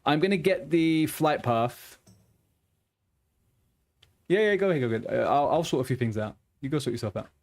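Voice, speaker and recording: A man's voice: on the high side, moderate pace, pauses often, a little mellow. A young man streaming a game, chatting casually with viewers in a joking, rambling way. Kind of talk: casual chat while gaming.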